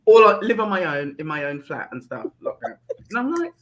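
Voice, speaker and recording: A woman's voice: deep voice, expressive, a little fast, a bit bright. A woman talking as a guest in a frank, casual chat, laughing often. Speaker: guest, menopause blogger.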